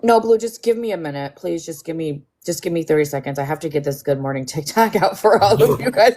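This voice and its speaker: A woman's voice: low-pitched, animated, quick pace, hardly any pauses, a little mellow, a little hiss or hum. A woman hosting a casual livestream, blunt and sweary, scolding her chat and joking around. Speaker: livestream host.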